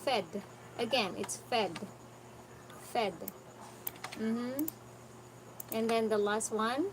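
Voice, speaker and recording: A woman teaching an online English pronunciation lesson, patiently correcting a student and repeating words slowly. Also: on the high side. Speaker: English tutor. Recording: noticeable background noise.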